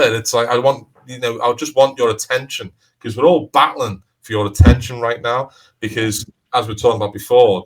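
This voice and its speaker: Over poor audio, a Liverpool crime author speaks casually in an interview with his Scouse accent, his voice fairly low-pitched and fairly bright. He meanders, restarts sentences and uses "you know" repeatedly.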